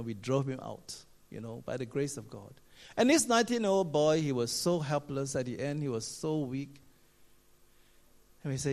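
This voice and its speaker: A man preaching a sermon, telling a story with many "you know" fillers and swinging between loud exclamations and quiet asides. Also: fairly high pitch. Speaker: pastor.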